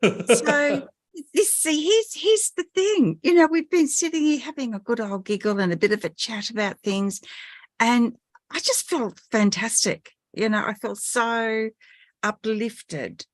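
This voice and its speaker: A woman's voice: fairly high pitch, a little slow, no room sound. Chatty woman radio host, dry sound. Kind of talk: casual radio chat.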